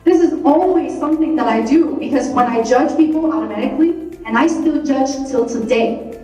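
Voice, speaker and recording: A high-voiced woman giving a motivational talk to a live audience. She is animated and acts out the scolding voice in her head. The sound is heavily echoey, picked up from a distance in the hall, with faint music behind. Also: moderate pace. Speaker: speaker.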